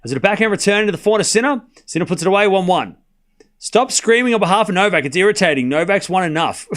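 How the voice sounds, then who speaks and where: A man streaming a tennis watchalong, calling every shot in rapid play-by-play and bantering teasingly with his chat. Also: high voice. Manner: rapid rally calling, bursts into excited shouting on big points. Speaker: live tennis watchalong commentator. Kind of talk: live stream play-by-play commentary.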